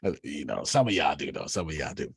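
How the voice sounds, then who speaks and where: A man, teaching a lively, preachy Bible lesson over a video call and calling on listeners by name. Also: a bass voice, fast, creaky, slight background noise. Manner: uses Black church phrasing.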